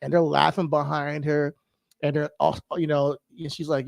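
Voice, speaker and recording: A man co-hosting a podcast in casual chat, animated and laughing, getting emotional as he talks. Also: on the high side, normal speed, creaky, dry recording. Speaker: podcast co-host.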